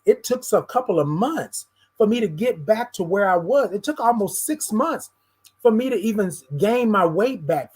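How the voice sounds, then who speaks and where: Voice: mid-range voice, a little mellow, husky. A show host giving a candid personal monologue, speaking straight to the audience as y'all and often stuttering over repeated words.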